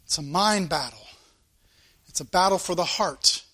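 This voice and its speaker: A man's voice: high voice, moderate pace, pushed and bright. A man preaching a sermon, reading scripture aloud and pressing his points with rising emphasis.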